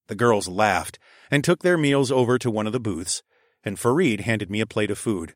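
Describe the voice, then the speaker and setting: A man narrating a first-person story in a steady, even reading voice on a close mic. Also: on the low side, normal speed, dry recording. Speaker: audiobook narrator.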